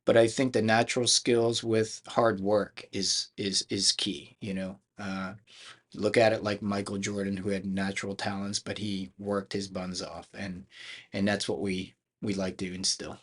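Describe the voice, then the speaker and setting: Deep-voiced man telling rambling stories. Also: little pitch movement, measured pace. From Philadelphia, United States. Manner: chatty, rambling with many restarts and fillers. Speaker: karate school owner and chief instructor, podcast guest. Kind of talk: casual storytelling interview.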